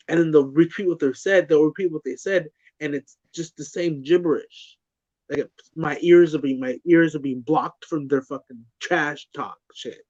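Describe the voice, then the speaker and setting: A man's voice: fairly high pitch, steady tone, normal speed, a little mellow, no room sound, lo-fi sound. A young man in casual chat, rambling and swearing, often repeating words as he talks.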